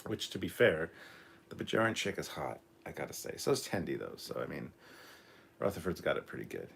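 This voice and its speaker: A man's voice: rumbling low, sing-song, fairly quick, gravelly, a bit bright, a little hiss or hum. A Canadian man in his forties, hosting a casual live reaction stream, rambling with many ums, reading chat aloud and apologizing for a cough. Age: 40s. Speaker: livestream host.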